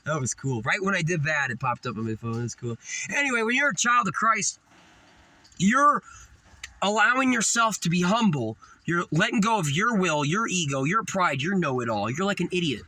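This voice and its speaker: Guy rambling thru a wild story, sharp bright voice, pretty high. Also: sing-song, normal speed, rough recording. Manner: rambling, cussing, acting out the people in his stories. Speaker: vlogger telling a spiritual story. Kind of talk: rambling first-person storytelling.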